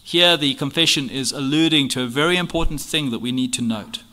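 A bright, forceful male voice leading an expository Bible lesson. He reads passages aloud and drives each point home with a string of earnest rhetorical questions. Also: mid-range voice, a little fast. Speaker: Bible teacher. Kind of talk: expository teaching on a church confession.

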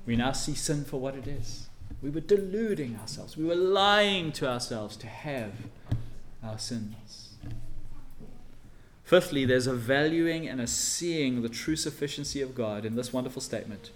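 A man preaching a sermon and reading scripture, earnest, swelling loud on key phrases and dropping soft for emphasis. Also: medium pitch, lively intonation, measured pace, slight background noise.

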